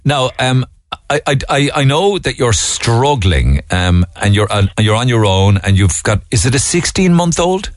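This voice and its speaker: A middle-aged man with a Cork Irish accent hosting a radio phone-in, chatty and relaxed. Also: mid-range voice, a little slow, no room sound. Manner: chatty, relaxed, laughs easily. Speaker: radio talk show host. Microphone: studio mic.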